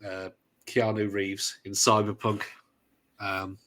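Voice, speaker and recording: This male podcast co-host from the English Midlands has a lowish, flat, slow voice with a sharp edge. In casual conversation he rambles and hesitates, tossing in jokey asides.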